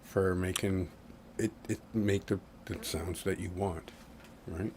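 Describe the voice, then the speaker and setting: Halting low-voiced man in a chat. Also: steady tone, darkish tone, a little hiss or hum. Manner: halting, repeats words. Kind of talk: casual chat.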